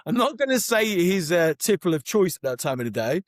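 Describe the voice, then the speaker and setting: A man co-hosting a podcast, telling animated, overexcited stories in casual chat. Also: sits high, fairly quick, no room sound, studio quality. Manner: animated storyteller, gets overexcited. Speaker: podcast co-host.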